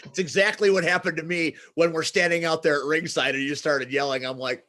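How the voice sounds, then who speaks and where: A man hosting a wrestling podcast, chatting casually and rambling with animated asides before asking questions. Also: on the high side, brisk. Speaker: podcast host. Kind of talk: casual interview chat.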